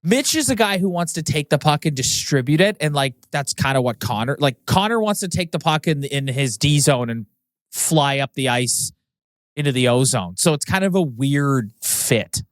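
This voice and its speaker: A man co-hosting a hockey podcast, analyzing the game in a measured, casual way. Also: a little high, lively intonation, no echo, studio quality. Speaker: podcast co-host.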